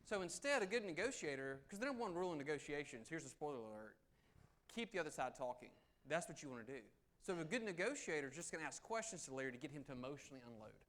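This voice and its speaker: Animated man giving a seminar. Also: fast talker. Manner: animated, shifts between loud emphasis and soft low tones. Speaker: negotiation speaker. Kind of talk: live seminar presentation. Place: meeting room with audience.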